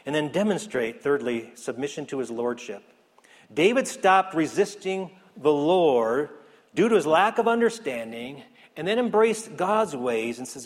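A man preaching a sermon as pastor in a church, earnest, rising to emphasis then dropping soft. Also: a little high, big pitch swings, a little slow. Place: church sanctuary. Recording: echoey hall.

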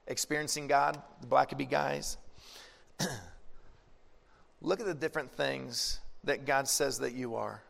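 A man's voice: medium pitch, gravelly, fairly bright tone, in a large hall. A man pastor giving a conversational, joking sermon.

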